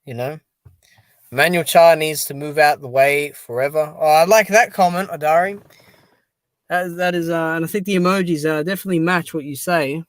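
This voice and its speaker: A man's voice: fairly high pitch, steady tone, a little fast, no echo. Sleepy man chatting on stream. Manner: chatty, reacting and reading viewer comments. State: tired and sleepy. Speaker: boxing stream host. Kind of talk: casual live-stream chat.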